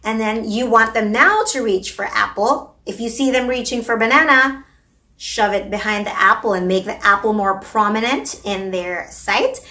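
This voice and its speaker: Bright, high-voiced woman teaching parents. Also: moderate pace. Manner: animated, exaggerated sing-song when modeling words for a child. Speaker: speech therapist teaching parents. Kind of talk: instructional video for parents.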